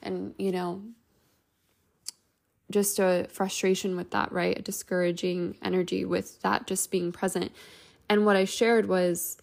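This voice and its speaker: A young adult woman hosting a self-help podcast, talking in a gentle, reflective and loosely flowing casual way. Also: medium pitch, little pitch movement, measured pace, creaky. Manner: gentle, reflective, speaks in loose flowing sentences with frequent "like" and "you know". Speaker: podcast host.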